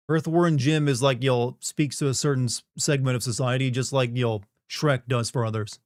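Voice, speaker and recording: A man's voice: medium pitch, steady tone, a little fast, hardly any pauses, no room sound, studio quality. A middle-aged man from the Southern United States chatting casually on a live stream, rambling, joking and reading chat aloud.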